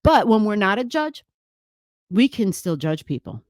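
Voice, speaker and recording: A woman's voice: medium pitch, big pitch swings, unhurried, darkish tone, no echo, clean studio sound. A woman astrologer talking casually at home into a desk microphone, rambling a little, repeating phrases and laughing often. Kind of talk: casual chat about astrology. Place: room at home.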